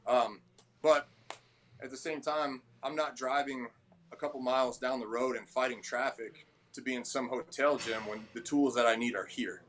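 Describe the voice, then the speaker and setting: A man's voice: medium pitch, fairly even intonation, moderate pace, fairly bright tone. A man, a gym owner and trainer, telling blunt, slightly abrasive stories in a casual interview. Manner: blunt, admittedly abrasive, quotes people in voices.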